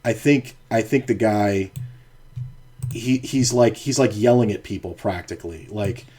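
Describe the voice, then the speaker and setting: A man's voice: lowish voice, a little slow, dark tone, husky. A man streaming online poker, telling a rambling, profane story from his dealing days in a casual chat. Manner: rambling, profane, restarts sentences. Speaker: poker streamer and former card dealer. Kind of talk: casual storytelling while playing.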